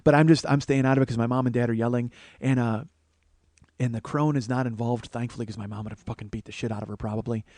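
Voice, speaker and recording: A man in his forties, a podcast host, telling a profane, animated comedic story. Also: medium pitch, fast talker, no room sound. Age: 40s. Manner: profane, animated, restarts often.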